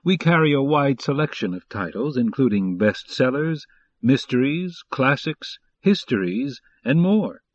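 Male announcer, mid pitch, even promotional read. Dry, dull audio. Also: unhurried. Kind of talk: scripted announcement.

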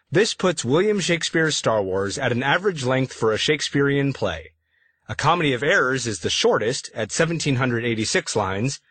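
A man's voice: mid-range voice, fairly bright tone, husky, no echo. A man, the author, reading his own afterword for an audiobook in a bookish, playful manner.

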